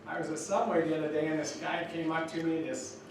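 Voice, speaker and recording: A man's voice: fairly high pitch, steady tone, quick pace. Casting note: older male speaker, rambling and folksy, recorded far off in an echoey room with noise behind. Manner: folksy, rambling with many restarts. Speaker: guest speaker. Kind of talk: speech to students. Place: college lecture room. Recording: echoey hall from far off, noisy.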